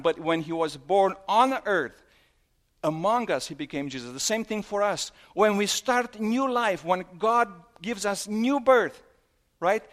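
A man preaching a sermon who asks questions and retells scripture scenes, dropping low and soft at emotional moments.

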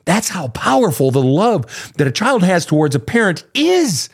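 A man's voice: high voice, big pitch swings, moderate pace. A man hosting an advice talk show as a coach, speaking bluntly and emphatically with heavy swearing. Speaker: podcast host and relationship coach.

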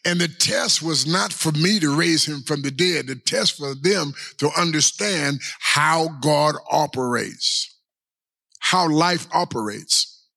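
A man's voice: fairly high pitch, vocal fry, bright, forceful tone. A man preaching a sermon as pastor, drawing out his words and asking the congregation rhetorical questions. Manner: preaching with long drawn-out pauses and repeated rhetorical questions.

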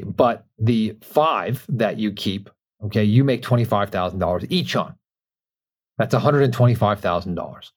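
A man in a middle pitch delivers a motivational business talk as a podcast host. He is emphatic, stacks repeated words for stress, and swings between quick runs and slow, drawn-out phrases. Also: a little mellow.

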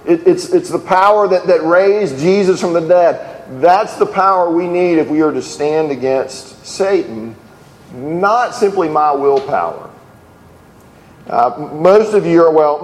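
Guy giving a sermon, kinda high voice, lots of uh and restarts, big echoey church hall. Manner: earnest, with fillers and restarts, acts out quoted lines. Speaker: pastor. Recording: echoey hall with long reverb.

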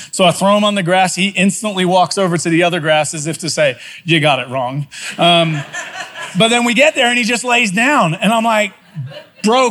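A middle-aged man, a pastor, telling a self-mocking story in a sermon with animated, lively delivery. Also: high voice.

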